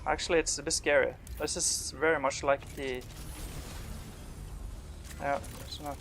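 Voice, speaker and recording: A man's voice: on the high side, fairly even intonation, measured pace, gravelly, a bit bright, a little hiss or hum. A man giving live commentary while he plays a game, rambling and full of fillers, swearing when startled. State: panicked, out of breath. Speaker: game streamer.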